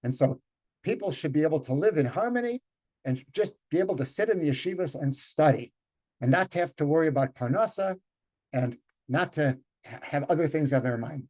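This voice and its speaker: Male teacher reading aloud for an online class. Thoughtful and halting, with plenty of fillers, and the sound comes through a video call. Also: on the high side, animated, a little mellow. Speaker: Yiddish teacher leading a group reading. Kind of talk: online lecture and read-aloud.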